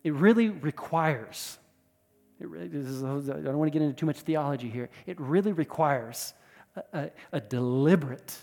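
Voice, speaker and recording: A man preaching a sermon with emphatic delivery, repeating words and swinging between loud and soft. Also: fairly high pitch, normal speed, creaky, long reverb tail. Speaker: pastor.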